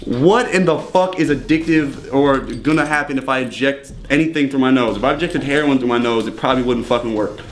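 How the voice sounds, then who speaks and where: A man's voice: mid-range voice, fairly quick, hardly any pauses, slight background noise. A young man telling stories casually in an interview, swearing often and laughing between lines. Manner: profane, rambling, laughs often. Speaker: interview guest. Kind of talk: casual storytelling.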